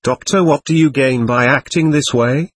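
A man's voice: medium pitch, normal speed, breathy edge, no echo, studio quality, lightly acted. A man reading a firm, lecturing doctor. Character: calm, firm male doctor questioning a spirit. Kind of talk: reading a séance transcript aloud.

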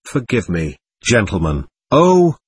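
Man doing a young prisoner, impetuous, pleading, husky, lively pitch, audiobook. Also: takes it slowly, no echo, exaggerated voice. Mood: fervent pleading. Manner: fervent, pleading outbursts.

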